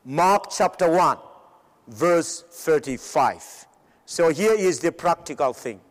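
Guy preaching slow n emphatic, high voice that goes up and down a lot, repeats himself. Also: expressive. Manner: emphatic, with pauses and repeated phrases. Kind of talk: sermon. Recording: long hall reverb.

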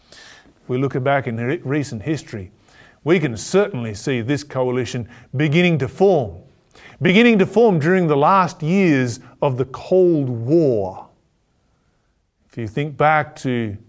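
A man preaching a prophecy sermon, with emphatic delivery that rises and falls. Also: fairly high pitch. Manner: emphatic, rising and falling delivery.

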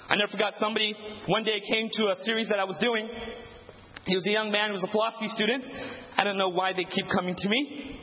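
High-voiced preacher in an echoing hall. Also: male voice, fast talker. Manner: animated storytelling, acts out dialogue. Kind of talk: sermon. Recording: echoey hall, dull lo-fi sound.

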